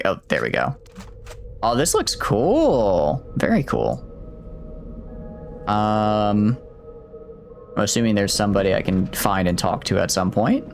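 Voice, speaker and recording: A man streaming a game, chatting casually and thinking aloud in a rambling way with lots of fillers. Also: lowish voice. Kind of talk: casual gameplay commentary.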